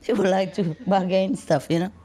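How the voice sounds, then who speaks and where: A woman's voice: mid-range voice, fairly even intonation, moderate pace, mellow. A woman spiritual teacher giving casual advice, often laughing and teasing, in broken English.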